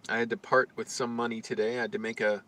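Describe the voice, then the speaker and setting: Bright-voiced man rambling crudely outdoors. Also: medium pitch, little pitch movement, quick pace. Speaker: vlogger. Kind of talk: casual rambling vlog. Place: outdoors on the street.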